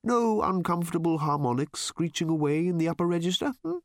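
A man voicing a fussy, chatty shape-shifting robotic bird that asks brisk, clinical questions in a light tenor. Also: fairly high pitch, expressive, dry recording, clean studio sound, voice pushed up.

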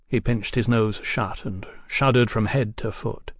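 A man narrating an audiobook in an even, unhurried way. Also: lowish voice, no room sound, clean studio sound. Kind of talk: scripted narration.

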